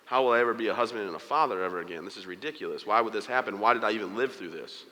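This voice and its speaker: A man tells his own story to an audience in a candid, joking manner. He talks quickly, and his voice sounds bright and forceful. The sound carries the long reverb of a large event hall. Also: lowish voice. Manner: candid, joking, acts out quoted dialogue. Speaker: motivational speaker. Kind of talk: personal storytelling speech to an audience.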